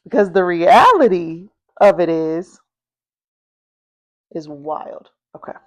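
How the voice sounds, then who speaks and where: A woman's voice: lowish voice, lively intonation, takes it slowly, darkish tone. A woman hosting a history podcast, telling the story in a chatty, casual way, full of fillers and checking in with her listeners. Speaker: podcast host.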